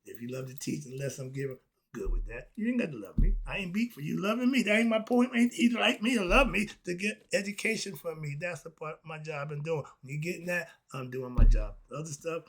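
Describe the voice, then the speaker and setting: A man's voice: on the high side, lively intonation, quick pace, a bit bright, husky. A man, delivering an emphatic, casual monologue full of rhetorical questions and short laughs. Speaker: philosophy vlogger.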